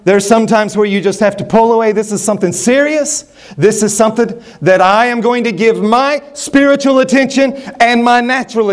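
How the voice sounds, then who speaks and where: A middle-aged man preaching a sermon, emphatic and repetitive, often restarting his words. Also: high-pitched.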